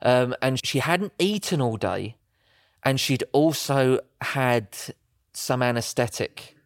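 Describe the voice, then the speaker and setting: Man telling animated stories. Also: mid-range voice, slow, no room sound, studio quality. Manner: animated storytelling, acts out voices. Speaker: podcast co-host. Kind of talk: casual chat.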